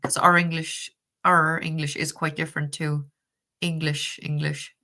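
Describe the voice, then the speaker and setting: A woman's voice: low voice, flat delivery, unhurried, bright, forceful tone. A woman with a Cork Irish accent chatting casually on a live stream, laughing often and swearing freely while reviewing a tarot deck. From Ireland.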